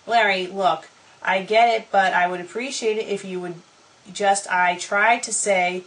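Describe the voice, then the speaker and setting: A woman's voice: medium pitch, steady tone, a little slow, a bit bright, rough recording. Sarcastic woman reading fanfiction aloud. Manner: sarcastic, profane, exasperated. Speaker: fanfiction critic. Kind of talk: comedic dramatic reading with commentary.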